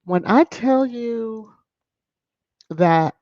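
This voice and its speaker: A live-stream host chatting casually while reading viewer comments, greeting people in bursts of high, excited energy. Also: drawn-out words, no echo, lo-fi sound.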